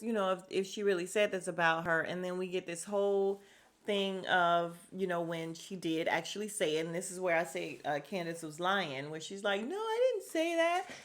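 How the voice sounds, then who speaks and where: A woman hosting a casual podcast recap of a reality show, chatty and blunt, with an exasperated edge. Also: on the low side.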